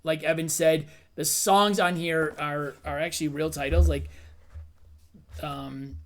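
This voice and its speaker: Man, middle-aged, host, casual chat, easygoing, slightly high voice. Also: steady tone, measured pace. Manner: easygoing, rambling with fillers and repeats.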